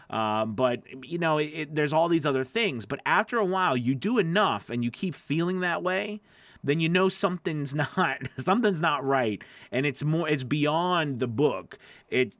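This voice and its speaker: A man teaching audiobook narration in a loose, animated way, acting out sample readings and often restarting his sentences. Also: medium pitch, dry recording. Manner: animated, demonstrates readings, many fillers and restarts. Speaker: voice-over coach. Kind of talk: teaching talk to camera.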